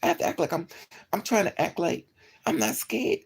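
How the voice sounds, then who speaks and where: A woman casually telling a personal story to her viewers, animated and blunt, with profane slang. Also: normal speed, breathy edge. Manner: animated, swings into high yelps for quoted lines.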